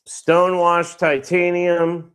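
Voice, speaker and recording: A man's voice: high-pitched, monotone, slow, fairly bright tone, smooth. A man hosting a casual livestream from his knife company, showing products in a laid-back, rambling way with crude jokes.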